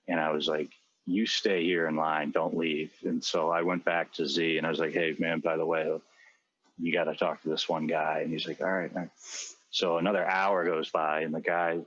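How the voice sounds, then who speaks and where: A man's voice: low voice, fairly bright tone, husky, lo-fi sound. A middle-aged man telling a long personal story in a rambling, earnest way, with many fillers and restarts. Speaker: podcast co-host. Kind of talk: conversational storytelling.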